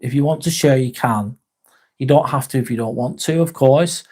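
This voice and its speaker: A man's voice: mid-range voice, warm tone. Rambling English man chatting on a live stream. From England. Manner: rambling, halting, sincere. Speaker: livestream host. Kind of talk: casual live-stream chat, reading comments.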